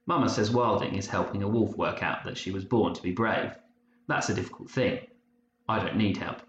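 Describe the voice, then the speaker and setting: A man voicing a fierce, stubborn young girl who speaks in sharp, defiant outbursts. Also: on the low side, normal speed, lightly acted. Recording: muffled roomy recording, faint hiss.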